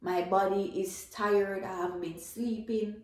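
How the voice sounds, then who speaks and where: A woman's voice: mid-range voice, fairly even intonation, a little slow, a little mellow. A woman with a Jamaican accent giving an earnest, emotional faith testimony, repeating herself as she tells it. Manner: earnest, emotional storytelling with repetitions. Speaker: testifying believer. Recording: very echoey room.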